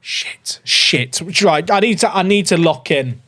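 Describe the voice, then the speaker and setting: A man's voice: high voice, moderate pace. A man, chatting to his viewers while streaming a game, swinging between casual chat and mock panic. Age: 30s. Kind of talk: live-stream gaming chat.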